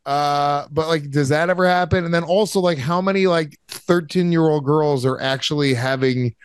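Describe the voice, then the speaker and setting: A man's voice: on the high side, normal speed, clear, resonant tone. A man co-hosting a podcast in casual chat, rambling with lots of fillers and swearing. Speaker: podcast co-host.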